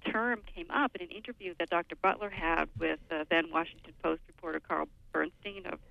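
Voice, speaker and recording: A woman's voice: fairly low pitch, steady tone, fairly quick, vocal fry, dry recording. An older woman, a radio show guest, explaining at length in a thoughtful, lecturing way. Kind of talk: radio interview. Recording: phone line, lo-fi.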